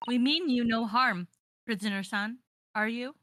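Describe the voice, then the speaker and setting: A woman voicing a polite, gentle young female legal assistant, speaking formally with very loud game music behind. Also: a little high, unhurried, background noise, close to an everyday voice.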